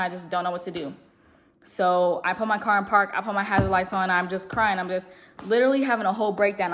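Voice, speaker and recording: A young woman vlogger telling a long story in a casual, rambling way, talking fast and full of fillers. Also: medium pitch, a bit bright. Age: young adult. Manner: speaks fast.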